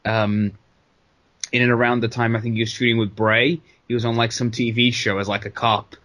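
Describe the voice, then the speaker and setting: Male co-host, mid-pitched, loose and profane, riffs with mock quotes. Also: flat delivery, brisk, a bit bright, dull audio. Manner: loose and sweary, lots of fillers and jokey put-on quotes. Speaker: podcast co-host. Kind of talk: casual chat.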